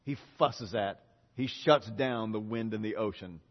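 Guy preaching slow, big swings in his voice, kinda muffled churchy echo. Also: on the low side. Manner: animated storytelling, voicing biblical characters in casual speech. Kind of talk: lively sermon with acted-out dialogue.

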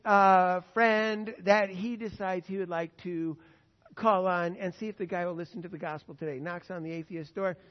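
A man preaching a sermon as a pastor, telling anecdotes in a conversational way and acting out quoted voices. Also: high-pitched. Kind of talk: sermon with storytelling. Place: church sanctuary. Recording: muffled church recording with long reverb.

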